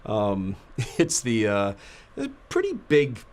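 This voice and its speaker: Man in his 50s, low voice, casual anecdotes, laughs, fillers. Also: wildly swooping pitch, slow pace, darkish tone. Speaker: guest. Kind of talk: casual storytelling chat.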